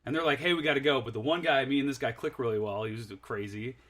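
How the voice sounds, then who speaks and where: A young man's mid-pitched voice, neither high nor low, on a relaxed podcast. He tells a long anecdote, stops to correct himself, and laughs his way through it. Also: fast talker. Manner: rambling, self-correcting, laughs mid-story. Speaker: podcast guest. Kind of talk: casual storytelling chat.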